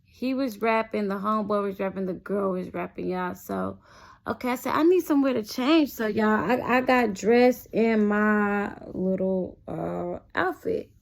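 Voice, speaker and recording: A woman's voice: medium pitch, measured pace, vocal fry. A young adult woman telling a personal story in a casual, chatty vlog, often addressing her viewers directly. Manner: chatty, animated, keeps addressing viewers as "y'all".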